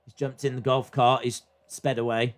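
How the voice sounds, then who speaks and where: A man's voice: mid-range voice, little pitch movement, moderate pace. A man hosting a live stream, chatting casually as he reacts to a wrestling show and reads viewer comments aloud.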